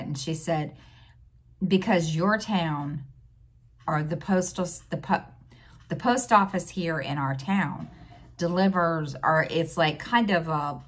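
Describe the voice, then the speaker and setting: Low-voiced, slow-talking woman vlogger. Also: a bit bright. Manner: rambling, halting with many fillers and restarts; exasperated storytelling with sighs. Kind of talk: casual chat.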